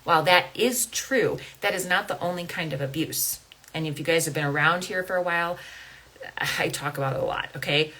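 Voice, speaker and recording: A woman in her thirties talks straight to her listeners in a casual coaching podcast, with a low, husky voice. She speaks earnestly and keeps checking in with the listener as she goes. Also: a little fast, sharp tone, rough recording. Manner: earnest, conversational, keeps asking "right?" and "okay?". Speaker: life coach and podcast host.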